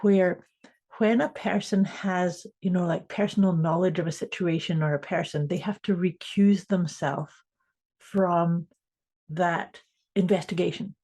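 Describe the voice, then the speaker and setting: A woman co-hosting a podcast as a coach, talking thoughtfully and pausing to find her words. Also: on the low side, fairly even intonation, dark tone. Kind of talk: casual chat.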